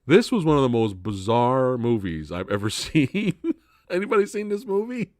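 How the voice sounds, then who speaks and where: A man hosting a live Q&A stream, chatting casually, swearing freely and laughing loudly. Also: medium pitch, big pitch swings, normal speed, dry recording, studio quality.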